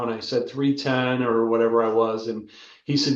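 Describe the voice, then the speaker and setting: An older American man, a former football player, telling animated stories in a casual interview and often asking "right?". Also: mid-range voice, brisk, far from the mic. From United States. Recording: roomy, dull lo-fi sound.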